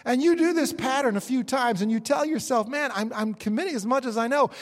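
A man preaching a sermon in an animated way, acting out the inner voices of believers. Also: extremely high pitch, fairly quick. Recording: long hall reverb.

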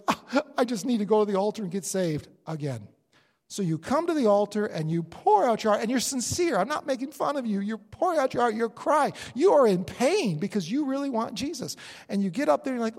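A man preaching a sermon in an animated way, acting out the inner voices of believers. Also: high-pitched, fairly quick. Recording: long hall reverb.

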